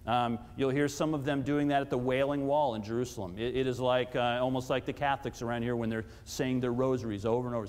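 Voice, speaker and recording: A man's voice: mid-range voice, darkish tone. Preaching man in an echoing church. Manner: preaching with rising emphasis and questions to the congregation. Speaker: pastor. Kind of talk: sermon. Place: church sanctuary. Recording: long church hall reverb.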